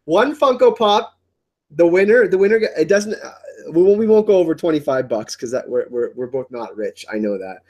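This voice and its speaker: A man hosting a casual livestream chat, excitable and rambling, often repeating his words. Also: fairly high pitch, moderate pace. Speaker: livestream host.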